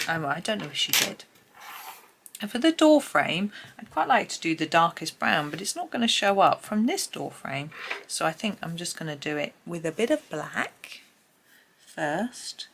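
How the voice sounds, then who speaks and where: Her voice is gravelly and on the low side as she casually narrates a colouring tutorial mid-work. She thinks aloud in a chatty way, occasionally dropping to a murmur, and there's slight background noise.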